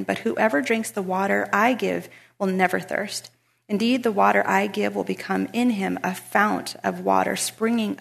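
A woman's voice: medium pitch, vocal fry. A woman giving a casual devotional talk, reading scripture and chatting about everyday life. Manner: chatty, animated when retelling a story. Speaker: Bible study speaker.

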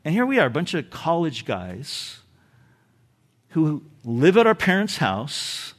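A man's voice: a little high, big pitch swings, takes it slowly. An older man, a pastor, giving a sermon with a candid, self-deprecating story told with frequent restarts.

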